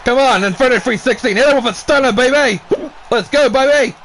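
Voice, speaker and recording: A man casually giving play-by-play commentary on a wrestling video game, excitable, swearing and cheering on the wrestlers, while fighting off the hiccups. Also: extremely high pitch, brisk, a little hiss or hum. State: has the hiccups. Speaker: gameplay commentator.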